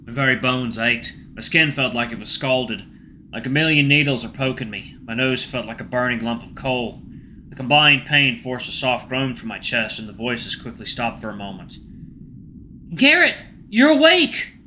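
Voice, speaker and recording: A man hosting a gaming channel, reading a game's first-person story aloud in a hushed, tense way. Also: medium pitch, normal speed, slight background noise.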